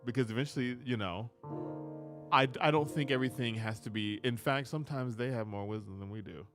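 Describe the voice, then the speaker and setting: A man in casual conversation about writing music, animated, sometimes breaking into snatches of song. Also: medium pitch, a little fast. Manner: animated, breaks into sung snippets. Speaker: guest musician.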